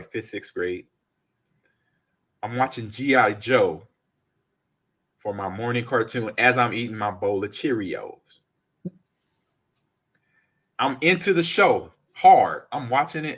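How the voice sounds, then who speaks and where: A man hosting a casual gaming podcast, reading out chat comments and telling lively stories. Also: medium pitch. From United States. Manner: animated storyteller, reads chat comments aloud. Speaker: podcast host.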